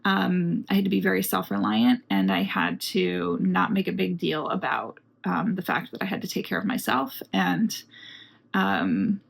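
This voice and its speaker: A woman talking earnestly in a casual reflective vlog at home, unhurried and searching for her words. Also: fairly low pitch, sing-song, gravelly, slightly rough. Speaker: vlogger. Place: home apartment.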